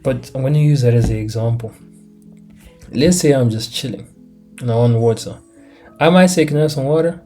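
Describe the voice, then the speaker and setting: Young man from Africa, mellow tone, animated casual monologue on a laptop mic, faint music under it. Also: mid-range voice, normal speed, pauses often. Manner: animated, emphatic, slangy, rhetorical questions. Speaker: commentator.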